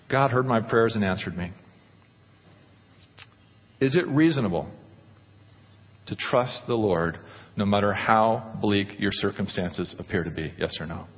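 A man preaching a sermon, animated, putting questions to the congregation. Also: fairly low pitch, husky. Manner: animated, asks the congregation questions, acts out quotes. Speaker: pastor. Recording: dull, echoey church hall recording.

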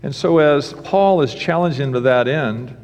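In a church sanctuary with long reverb, a man preaching as pastor tells a funny story, then teaches, in a preacherly storytelling manner. His voice is on the high side, measured in pace, and darkish in tone.

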